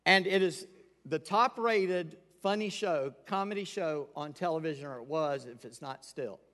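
A man's voice: on the high side, moderate pace, a bit bright. A man preaching a sermon from the pulpit, candid and emphatic. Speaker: pastor. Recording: long hall reverb.

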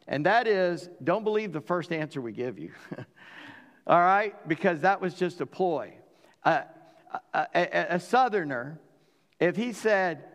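Animated Southern pastor in a reverberant hall. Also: male voice, on the high side, measured pace. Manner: animated, acting out dialogue in voices. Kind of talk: sermon.

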